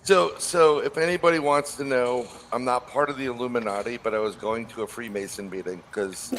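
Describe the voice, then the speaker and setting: A man telling a story on a podcast in a casual, animated way, acting out the people he quotes. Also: fairly quick, slight background noise. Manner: animated, acts out quotes with rising pitch. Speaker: podcast co-host.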